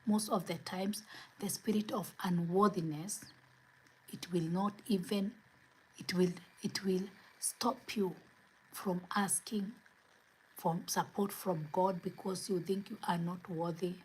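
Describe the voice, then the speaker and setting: A woman giving an earnest spiritual motivational talk as host, asking repeated rhetorical questions, her words often trailing into soft breathy whispers. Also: fairly low pitch, fairly even intonation, slow pace, a little hiss or hum, low-quality recording.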